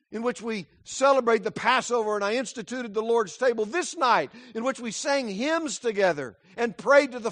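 A male pastor preaching a sermon, dramatic, swinging between loud emphasis and hushed asides. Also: high-pitched, no echo.

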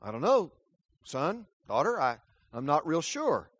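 Brief: a flustered dad who stammers, as a preacher plays him. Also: male voice, on the high side, wildly swooping pitch, a little slow, a bit bright, no room sound, exaggerated voice. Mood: unsure. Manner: hesitant, stammering. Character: unsure, flustered father, gentle and lowered.

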